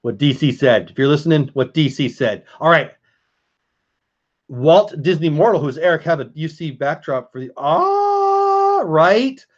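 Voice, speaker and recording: Guy chatting on a fight-night live stream, kinda high voice, muffled lo-fi audio. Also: moderate pace. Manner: chatty, reads and answers chat, emotional. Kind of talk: casual live-stream chat.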